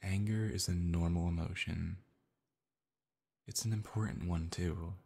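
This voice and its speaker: A man in a whispered role-play as a boyfriend, talking softly and reassuringly, sometimes in an unvoiced whisper. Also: deep voice, fairly even intonation, a little slow, gravelly, slightly rough. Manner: soothing, gentle, reassuring; soft, partly unvoiced whispering.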